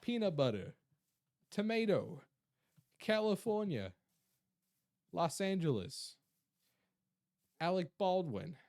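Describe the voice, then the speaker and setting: A goofy self-styled nobleman , as a streamer puts him on, talking in a put-on American accent. Words come out drawn-out and over-pronounced, pitched well above a man's own voice. It is a silly, exaggerated streaming bit. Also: sing-song, a little mellow, heavily acted. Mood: playful.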